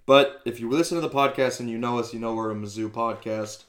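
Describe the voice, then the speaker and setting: A man hosting a casual sports podcast, talking loosely with quick asides and casual swearing. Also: mid-range voice, steady tone. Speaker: podcast host.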